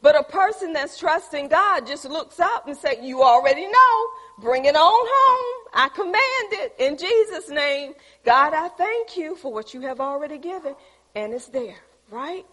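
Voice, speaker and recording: High-voiced older woman preaching. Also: normal speed. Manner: lively storytelling, acting out quoted voices, chuckling often. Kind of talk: sermon. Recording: echoey hall.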